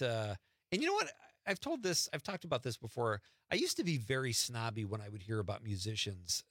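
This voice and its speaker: A middle-aged man from the Chicago area hosts a casual chat, rambling through stories and laughing at himself. His voice is bright and forward. It sounds dry and close, with no room around it. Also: mid-range voice, dry recording. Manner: chatty, self-deprecating storyteller with laughs and restarts. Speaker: podcast host, comedian.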